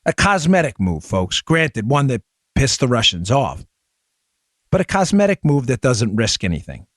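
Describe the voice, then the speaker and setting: A man hosting a talk show, speaking rapidly and emphatically and addressing listeners directly on a close studio mic. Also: mid-range voice, very animated, no room sound. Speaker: show host. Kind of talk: opinion talk show monologue.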